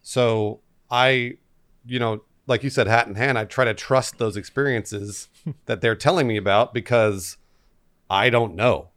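Podcast guy thinking out loud, repeats himself, mid voice. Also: mid-range voice, unhurried. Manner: reflective, repeats words as he thinks. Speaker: podcast co-host. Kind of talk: casual chat.

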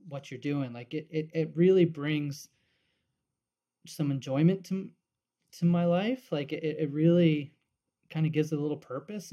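A man's voice: fairly high pitch, dark tone. A man co-hosting a casual podcast, speaking thoughtfully and often restarting his sentences. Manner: thoughtful, repeats words when starting sentences. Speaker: podcast co-host.

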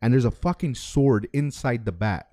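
Young male podcast co-host, casual and profane, animated raconteur who acts out the quotes, dry close-mic sound. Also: medium pitch, normal speed, no echo. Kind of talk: casual storytelling chat.

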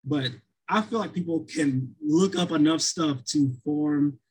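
Husky-voiced man, co-host, casual and rambling, heavy on fillers. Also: on the high side, unhurried, a little mellow, low-quality recording. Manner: rambling, many restarts and fillers. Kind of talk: casual chat.

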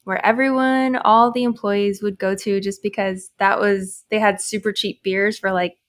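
A woman's voice: medium pitch, fairly even intonation, moderate pace. A young adult woman casually telling a story, chatty and full of fillers. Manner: chatty, lots of fillers and laughs.

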